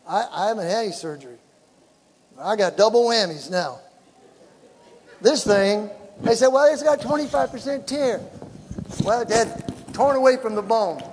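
A man with a high voice preaches in a large hall with long reverb. He's animated, shouting to the congregation and laughing as he tells a personal story within the sermon.

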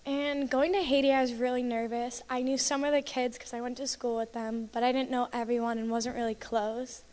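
High-voiced teen girl in an echoing church. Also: flat delivery, fairly quick, a little mellow. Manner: chatty, many "like"s, emotional. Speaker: mission trip member giving testimony. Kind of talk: church testimony. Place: church sanctuary. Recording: long reverb of a hall.

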